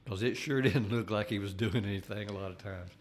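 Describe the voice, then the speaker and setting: An older man giving an earnest personal testimony, halting and restarting as he talks. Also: fairly low pitch. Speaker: layman giving a faith testimony.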